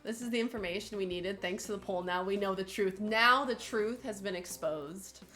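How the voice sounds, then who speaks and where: Young woman co-streamer, mid pitch, teasing quick banter. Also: bright, forceful tone, faint music behind. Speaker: guest co-streamer. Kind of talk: casual gaming stream chat.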